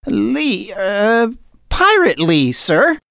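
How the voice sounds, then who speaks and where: A woman voicing an eager, excited young boy who dreams of being a pirate in a read-aloud storybook. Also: mid-range voice, drawn-out words, no echo, studio quality, pitched above the performer's own voice, heavily acted.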